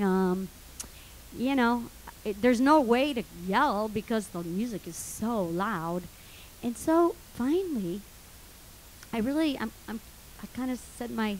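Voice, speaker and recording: A woman with a notably high voice tells a comic personal story live on stage. She acts out her panic vividly, swinging between hushed asides and shouted cries for help. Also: animated, moderate pace, poor audio.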